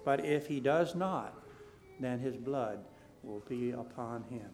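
A man preaching a sermon, reading scripture aloud and swinging between soft, low asides and loud, emphatic repeated declarations. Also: takes it slowly, noisy background. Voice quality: King James scripture read aloud in a rising, forceful cadence.

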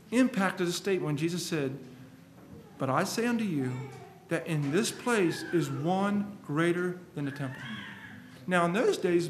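Guy preaching a sermon, pretty high voice, earnest and emphatic, echoey room with a bit of hum. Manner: earnest, emphatic, quotes scripture at length.

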